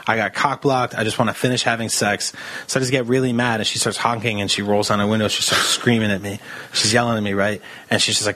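A man's voice: on the low side, fast talker, no room sound. A man co-hosting a comedy podcast, telling a crude story full of swearing and acting out the people in it. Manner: profane, animated storyteller who acts out shouting. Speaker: podcast co-host.

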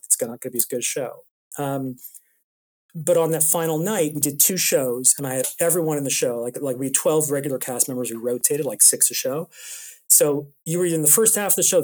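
Mellow-voiced man, rambling storyteller. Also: fairly high pitch. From Toronto, Canada. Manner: animated storyteller, rambling restarts. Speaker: improv comedian and show producer. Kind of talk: casual interview talk.

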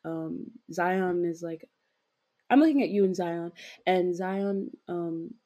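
Young female podcast co-host, low warm voice, giggly and rambling, filler-heavy casual storytelling. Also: slow pace, lo-fi sound.

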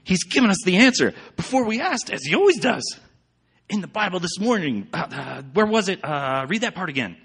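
A man reading aloud and voicing a frail, devout young woman who speaks with eager excitement. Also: on the low side, a little fast, husky, voice pushed up, heavily acted. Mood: excited.

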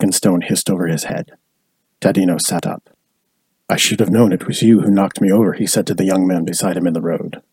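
A man reading a historical novel aloud in steady, measured narration. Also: low-pitched, slightly rough, no echo, low-quality recording. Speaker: audiobook reader. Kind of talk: scripted narration.

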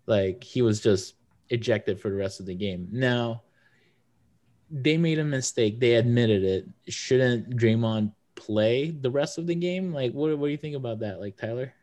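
A man's voice: mid-range voice, unhurried, darkish tone. A young man co-hosting a casual sports podcast, talking loosely with many fillers. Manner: rambling, lots of fillers. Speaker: podcast co-host.

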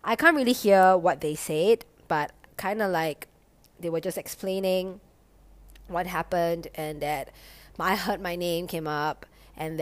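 Swearing young woman telling a story. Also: fairly low pitch. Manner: animated, heavy swearing, lots of "like". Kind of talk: casual storytime.

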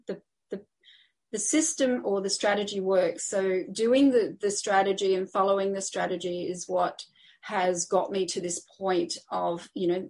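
A woman's voice: mid-range voice, darkish tone, breathy edge. A woman guest, a coaching client, talking casually and chattily with lots of fillers. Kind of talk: casual conversation.

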